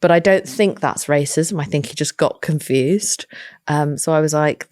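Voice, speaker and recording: A woman with a low, deep voice tells a story in an interview. She swears casually, acts out what others said, and sounds lively. The sound is dry and close. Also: moderate pace, no echo. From England. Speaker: actress guest. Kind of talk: animated anecdote in interview.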